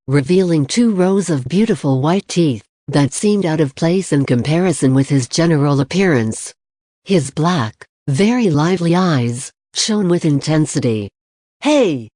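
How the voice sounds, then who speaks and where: An audiobook reader in calm, measured narration of a novel. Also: mid-range voice, dry recording, studio quality.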